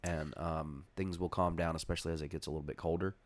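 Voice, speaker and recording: A man co-hosting a podcast, talking in relaxed, easygoing banter. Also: extremely low pitch, quick pace. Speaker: podcast co-host. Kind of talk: casual podcast chat.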